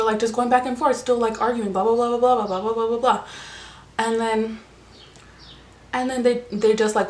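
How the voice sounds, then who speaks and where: A young woman vlogger telling a casual story over a meal, chatty and full of "like" fillers and swearing. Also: mid-range voice. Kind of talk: casual storytime while eating.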